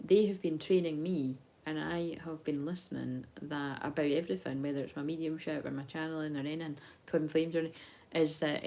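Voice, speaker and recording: Woman, psychic reader on a phone live stream, low voice, loose, rambling, sweary delivery. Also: mellow, poor audio. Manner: rambling, chatty, swears casually, laughs often. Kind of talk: casual live-stream chat.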